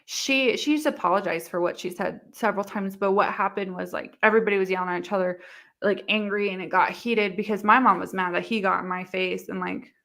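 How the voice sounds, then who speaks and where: Bright-voiced woman telling a rambling story. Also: medium pitch, fairly even intonation, a little fast, vocal fry. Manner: rambling storytelling full of "like" and quoted dialogue. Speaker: interview guest. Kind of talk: candid casual interview.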